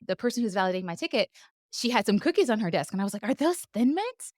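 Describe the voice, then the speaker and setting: A woman's voice: mid-range voice, animated, rapid-fire, dry recording, clean studio sound. A woman who is a doctor co-hosting a casual podcast, chatty and playful as she tells stories. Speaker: podcast co-host.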